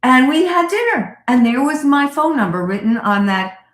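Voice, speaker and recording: Lively woman telling a story, echoey room. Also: high-pitched, normal speed. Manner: lively anecdote-telling, acting out quoted voices. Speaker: therapist and radio guest. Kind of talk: animated storytelling in an interview.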